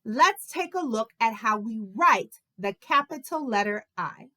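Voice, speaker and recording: A woman teaching a video lesson to preschool children in a slow, encouraging, sing-song way. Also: on the high side, expressive, pushed and bright.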